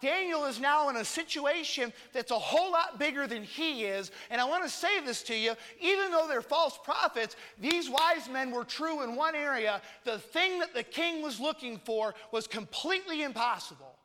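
A man's voice: very high-pitched, expressive, normal speed, hardly any pauses, pushed and bright. A man preaching a conversational sermon with casual joking asides and emphatic points, in a church. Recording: long reverb in a large hall.

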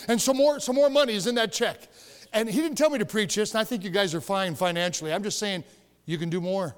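Speaking at a moderate pace, a man with a high, expressive voice preaches as pastor in a church sanctuary. His storytelling turns emphatic and climbs to shouts, all wrapped in the long reverb of the church hall.

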